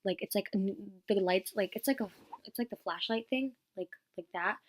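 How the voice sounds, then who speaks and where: A woman's voice: mid-range voice, moderate pace. A teenage girl vlogging about a concert in a gushing, rambling way, full of "like" fillers, sometimes dropping to a whisper. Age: teens. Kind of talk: casual vlog chat.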